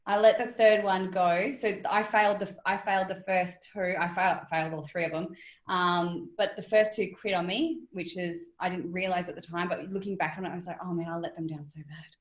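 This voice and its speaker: A woman's voice: lowish voice, moderate pace. Chatty woman guest, laughs a lot, bouncy and impulsive, sounds like a roomy echoey space. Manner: lively, impulsive, laughs often. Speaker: business planner guest. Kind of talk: casual interview chat.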